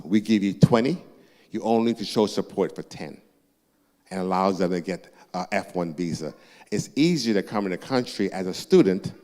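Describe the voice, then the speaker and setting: A man representing a university, answering audience questions live in a church, lively and joking, teasing the crowd. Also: sits low. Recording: echoey church hall.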